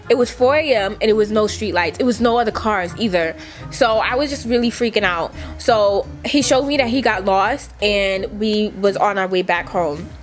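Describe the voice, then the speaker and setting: A young woman vlogger telling a casual story, chatty and profane, full of "like" and acted-out quotes. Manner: chatty, profane, fillers like "like" everywhere; acts out quotes with big jumps in pitch.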